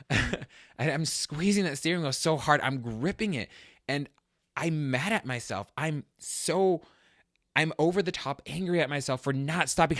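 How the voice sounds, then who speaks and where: On his fitness talk show, a male host with a fairly high, expressive voice speaks unhurriedly, earnestly and personally. He grows emotional, loud and worked up while retelling his own struggle. The sound is studio quality with no echo.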